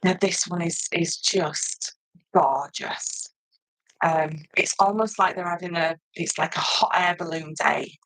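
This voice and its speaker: A middle-aged woman, chatting loudly and laughing often as she presents paper crafts on a live stream. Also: lowish voice, steady tone, unhurried, no room sound, poor audio. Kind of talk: casual live stream chat.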